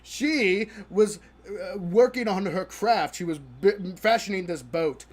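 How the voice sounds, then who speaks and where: A man with a fairly high voice runs a live stream, grumbling and scoffing about a show as he plays. His delivery is halting and full of restarts, and he keeps breaking into laughter at how bad he found it. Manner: exasperated, mocking, laughing often. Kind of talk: live-stream reaction commentary while gaming.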